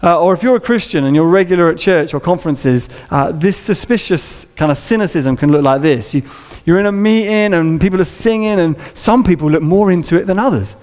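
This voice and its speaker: A man's voice: high-pitched, brisk, a little mellow. A man preaching a sermon in a church, conversational and humorous, acting out little scenes. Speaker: pastor. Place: church auditorium. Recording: long reverb of a large hall.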